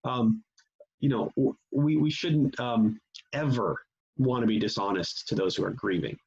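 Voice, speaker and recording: A man leads a church teaching session and talks it through casually, with plenty of ums and restarts. His voice is gravelly and a little husky. The recording sounds dull and lo-fi. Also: medium pitch, measured pace, darkish tone. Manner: conversational, frequent fillers and restarts. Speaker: pastor.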